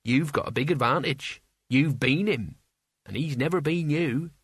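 A man's voice: mid-range voice, measured pace, a bit bright, slightly rough, dry recording, clean studio sound. A man voicing the wry, casual inner voice of a young man in an audiobook. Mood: coaxing.

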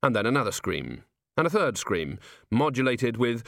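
A man reads a story aloud in a wry, measured way. His pitch moves in a lively way through each sentence. The recording is dry and close, with no room sound. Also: gravelly, no echo. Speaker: audiobook narrator. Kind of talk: scripted narration.

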